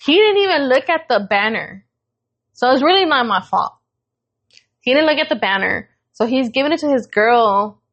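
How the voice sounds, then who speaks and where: Animated, swearing woman podcast co-host. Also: sits high, normal speed, dull audio. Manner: animated storyteller, swears freely, acts out quoted voices. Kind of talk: casual chat.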